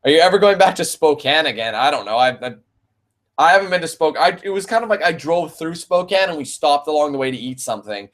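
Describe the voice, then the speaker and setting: A man's voice: a little high, lively intonation, quick pace, fairly bright tone. Laid-back Canadian streamer guy. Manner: laid-back and profane, calls viewers man and bro. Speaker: gaming streamer answering viewer questions. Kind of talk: casual live-stream Q&A.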